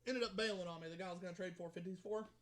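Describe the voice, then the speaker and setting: A man's voice: sits high, fairly even intonation, rapid-fire, fairly bright tone. A man co-hosting a podcast with friends tells a long story in a casual, chatty way. He swears freely and often breaks into laughter as he goes. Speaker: podcast co-host. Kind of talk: casual chat.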